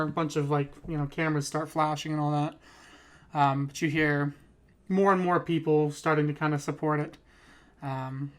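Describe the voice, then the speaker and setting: A man's voice: a little high, fairly bright tone. Man, game master, casual narration, swears a lot, loose and chatty. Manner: casual, laughing, swears freely.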